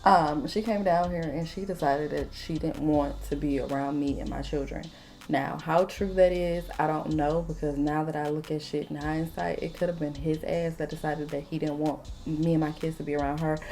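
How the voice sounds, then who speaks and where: A woman's voice: low-pitched, moderate pace. Blunt, profane woman in her late twenties. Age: late 20s. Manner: blunt, profane, animated storytelling. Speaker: vlogger. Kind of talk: casual storytime while doing makeup.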